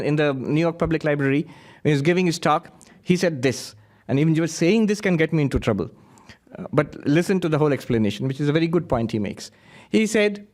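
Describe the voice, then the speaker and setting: Animated storytelling monk, a man. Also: on the high side. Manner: animated storyteller who laughs often. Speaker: monk giving a talk. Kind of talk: lively spiritual lecture with anecdotes.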